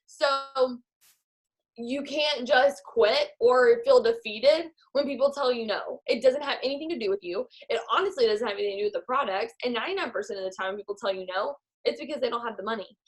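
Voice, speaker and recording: A chatty woman coaches her sales team over a video call. Her voice is a touch high, and she talks loosely, with many fillers and quick asides. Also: poor audio. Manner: chatty, filler-heavy, acts out quoted voices. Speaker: team leader. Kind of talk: motivational team talk.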